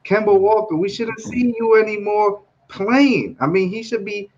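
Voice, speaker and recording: A man co-hosting a casual sports talk show, animated and repeating himself to make his points. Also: sits high, moderate pace, lo-fi sound. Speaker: podcast co-host.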